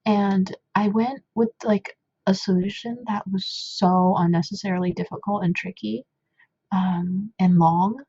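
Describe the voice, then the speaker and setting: A woman's voice: medium pitch, fairly even intonation, measured pace, dark tone, slightly rough, no room sound, lo-fi sound. A young woman at home casually talking through a coding problem, rambling with lots of fillers and self-deprecating asides. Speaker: coding tutor.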